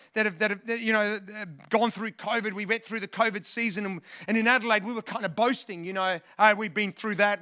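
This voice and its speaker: Aussie pastor guy preaching in church, highish bright voice, lots of restarts and "can i hear an amen". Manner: preaching with restarts, call-and-response to the congregation. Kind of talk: sermon.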